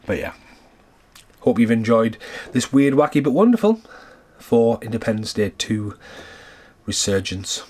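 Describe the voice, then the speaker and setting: A man's voice: mid-range voice, expressive, a little slow, pauses often, darkish tone, slightly rough. A man ranting casually and animatedly in a vlog, exasperated and swearing freely. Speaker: vlogger.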